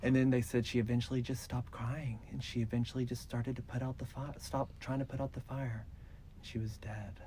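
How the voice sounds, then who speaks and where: A man with a mid-pitched voice talks through a true-crime case in a relaxed, conversational way. He leans on filler words like "like" and "so" as he strings events together. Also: a little fast, a little hiss or hum. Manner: loose, filler-heavy retelling with "like" and "so". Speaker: podcast host. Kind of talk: casual true-crime storytelling.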